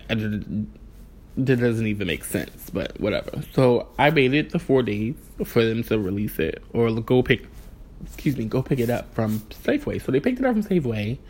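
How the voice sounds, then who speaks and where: A man telling a rambling, exasperated story in a casual vlog, acting out the people in it. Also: mid-range voice. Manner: animated, exasperated storytelling with voiced asides. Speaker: vlogger.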